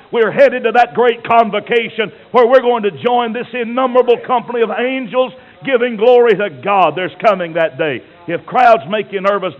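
A man with a rather high voice preaches a sermon, rising to loud declaiming and dropping to quiet, homespun asides between scripture quotations. The sound is thin and narrow, like a telephone line.

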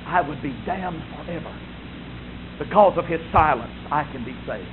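Impassioned high-voiced preacher, lo-fi recording. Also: male voice, slight background noise. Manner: builds to loud impassioned peaks then drops soft. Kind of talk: sermon. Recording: dull lo-fi sound with faint ambience.

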